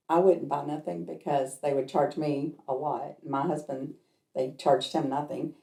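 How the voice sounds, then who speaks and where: A woman's voice: low voice, gravelly, warm tone. A woman who works as a medium tells a personal story in a chatty way and acts out the people in it. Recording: roomy echo.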